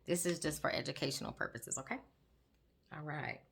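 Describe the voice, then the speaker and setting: A woman nurse practitioner, hosting a chatty, animated educational talk while doing her makeup and speaking straight to viewers. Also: deep voice, fairly quick, creaky, breathy edge. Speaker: host, psychiatric nurse practitioner. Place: home, doing makeup on camera.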